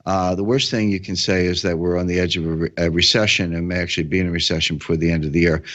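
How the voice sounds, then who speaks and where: A man's voice: low voice, fairly even intonation, fast, a bit bright, lo-fi sound. A man answering interview questions in a podcast, explaining step by step with frequent fillers and restarts. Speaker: guest economic commentator.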